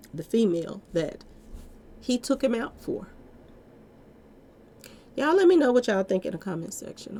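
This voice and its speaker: A woman's voice: mid-range voice, vocal fry, warm tone, a little hiss or hum. A woman giving a casual, emphatic commentary monologue to her viewers, chatty and repeatedly addressing them directly. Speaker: commentary vlogger.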